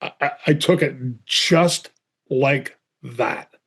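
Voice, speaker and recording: A middle-aged man from Boston, an actor telling a story in an interview, acting out both sides of phone calls and stammering when excited. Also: mid-range voice, slow, gravelly, husky. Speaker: actor guest.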